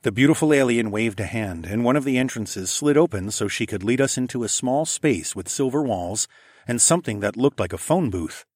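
A man reading a first-person story aloud in a quiet, intimate way. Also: mid-range voice, animated, brisk, no echo. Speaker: audiobook narrator.

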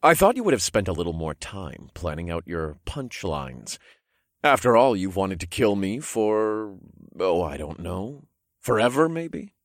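A man's voice: deep voice, big pitch swings, no room sound, clean studio sound. A man voicing a smug, taunting male evil genius villain in an audiobook, drawing out his sarcastic jabs. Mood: mocking. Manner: mocking, drawn-out sarcastic taunts.

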